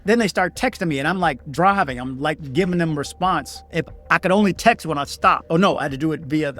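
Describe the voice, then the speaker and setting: A middle-aged man from Washington, D.C., with a D.C. accent, telling a travel horror story in a heated, animated vlog rant. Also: fairly high pitch. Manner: animated, heated, acts out texted exchanges in raised voices. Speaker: vlogger.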